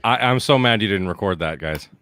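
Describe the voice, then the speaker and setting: A man's voice: on the low side, lively intonation, brisk, bright, forceful tone, dry recording. A man joining a casual chat as a guest, talking eagerly and stumbling over words.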